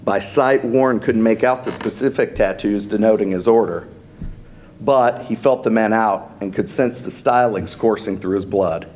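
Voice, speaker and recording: A man, an author, reading his fantasy story aloud in a steady, unhurried narration. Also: lowish voice, a little hiss or hum.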